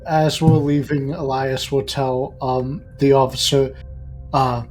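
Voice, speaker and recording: A man playing a tabletop role-playing game, speaking slowly and formally in character. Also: medium pitch, flat delivery, darkish tone, soft background music, poor audio. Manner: slow, formal, courtly in-character speech. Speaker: player.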